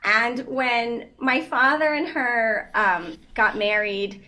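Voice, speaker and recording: A woman in her fifties, a guest in a casual interview, telling stories in an animated way with frequent laughter and many fillers. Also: fairly high pitch, slow, slight background noise.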